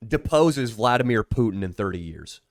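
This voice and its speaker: A man's voice: fairly low pitch, very animated, normal speed, no echo, studio quality. A man co-hosting a podcast, trading crude, sardonic, mock-grand riffs in casual banter. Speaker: podcast co-host.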